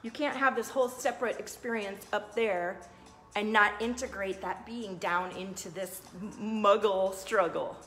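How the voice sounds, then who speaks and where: A woman's voice: mid-range voice, steady tone, measured pace, a bit bright, soft background music. Earnest woman spiritual coach on a livestream. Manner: earnest, reads viewer comments aloud and answers them. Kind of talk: livestream talk to viewers.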